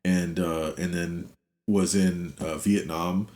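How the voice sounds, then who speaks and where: A middle-aged man earnestly retelling a personal story as an interview guest, animated one moment and low and quiet the next. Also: slow pace. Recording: roomy echo.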